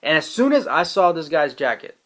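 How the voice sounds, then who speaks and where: Young male reviewer, slightly high pitch, excitable and foul-mouthed, casual slang. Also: a little fast. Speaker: manga reviewer.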